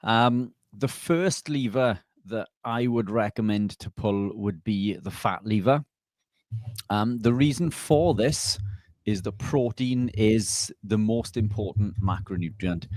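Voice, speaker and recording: Nutrition guy answering stream questions, lowish voice, plain and direct, dry sound. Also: takes it slowly, a little mellow, dry recording. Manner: direct, explanatory. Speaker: nutritionist guest co-host.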